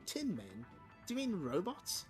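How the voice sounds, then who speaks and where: A man's voice: sits high, huge pitch swings, measured pace, faint music behind, exaggerated voice. A man voicing a polite, curious robot sidekick in a comic read-aloud.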